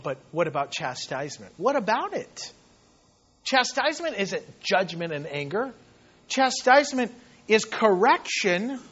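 A man preaching a sermon as pastor, impassioned, dropping to hushed tones and rising to loud emphasis. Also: a little high, slightly rough, dull audio.

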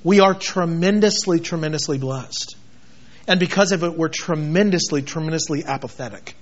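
A high-pitched male pastor delivers a sermon, his voice leaping from shouted emphasis to hushed, low intensity. The recording sounds dull and lo-fi. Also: normal speed. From United States. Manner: dramatic, shifts between shouting and quiet intensity.

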